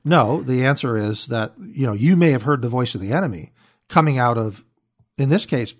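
A man's voice: medium pitch, animated, moderate pace. A man in casual conversation about faith, reflective with joking asides. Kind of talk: casual Bible discussion.

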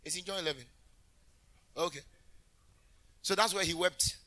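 A man minister preaching a sermon in an animated way, bursting into shouts and talking directly to the congregation. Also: high voice, normal speed.

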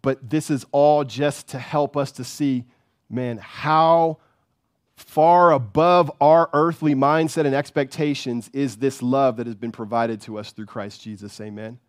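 A man's voice: mid-range voice, fairly even intonation, unhurried, no echo, studio quality. A man preaching a sermon with fervor, repeating words and often checking in with "right?". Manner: fervent, repeats words, keeps asking "right?".

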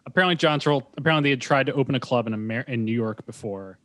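A man's voice: medium pitch, very fast, no echo. A man co-hosting a podcast, recapping a movie in casual chat with frequent chuckles. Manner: animated recapping, chuckles often. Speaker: podcast co-host.

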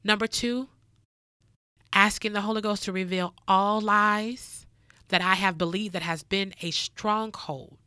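A woman's voice: medium pitch, fairly even intonation, measured pace, sharp tone, clear, resonant tone, no echo, clean studio sound. A woman hosting a devotional podcast, teaching in an earnest, preacherly way, repeating key phrases and calling listeners child and baby. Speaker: podcast host.

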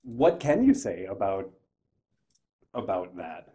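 Slow, easygoing male podcast host. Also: low-pitched, sing-song, dark tone. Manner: laughs easily, asks questions with searching phrasing. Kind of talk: casual interview.

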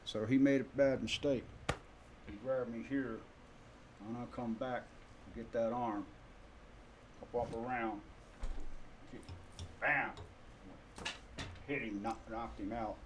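A man who is a guest on a podcast, telling a story in casual chat and acting out the dialogue in a lively way. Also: medium pitch, slow, long pauses, noisy background. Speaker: guest, tribute performer of a famous singer.

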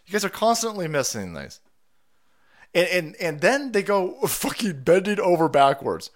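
A man's voice: high voice, sing-song, moderate pace. A man hosting a livestream, delivering heated, profane political commentary and repeating himself for emphasis. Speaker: livestream host.

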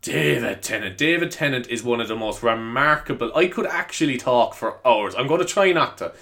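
A man's voice: mid-range voice, lively intonation, brisk, sharp tone. A young man hosting a podcast, chatting casually and rambling, often laughing and swearing. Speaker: podcast host. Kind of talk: casual solo podcast chat.

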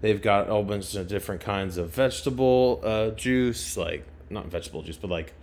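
Rambling, excitable young man, low voice. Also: a little fast. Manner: rambling and excitable, with frequent fillers. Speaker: podcast host. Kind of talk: casual chat.

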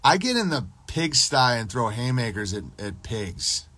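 A man's voice: mid-range voice, sing-song, unhurried, bright, forceful tone, husky, no echo. A man hosting a casual livestream podcast, ranting in a crude, profane, rambling and boastful way while answering his live chat.

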